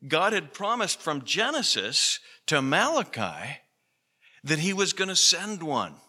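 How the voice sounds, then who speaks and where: Man, pastor, sermon, very bright tone, conversational storytelling, long church-hall reverb. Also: mid-range voice. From Pacific Northwest, US. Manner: conversational, storytelling with fillers like "you know"; emphatic, slowing down on key phrases.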